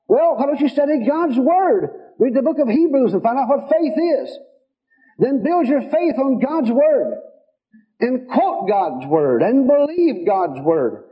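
Delivering a sermon at a measured pace, a man with a very high, sing-song voice spins folksy stories and acts out conversations himself, quoting God and others. The sound is dull and lo-fi.

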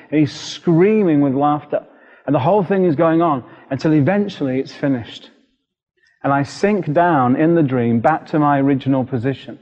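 A British man preaching a sermon as a lively storyteller, acting out the voices in his story. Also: a little high. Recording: dull recording with long hall reverb.

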